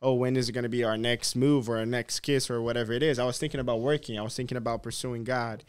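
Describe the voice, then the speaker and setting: A man in a casual podcast chat, telling a personal story in a relaxed, hesitant way. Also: mid-range voice, fast talker, clean tone. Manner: relaxed, hesitant, many fillers and restarts. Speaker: podcast host.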